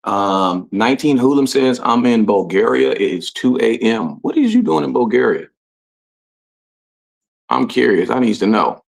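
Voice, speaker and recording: A man hosting a casual livestream, reading out commenters' names and greeting them in relaxed, slangy talk. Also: mid-range voice, measured pace, creaky. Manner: shouting out commenters, laid-back slangy talk. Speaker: livestream host. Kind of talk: casual live-stream chat.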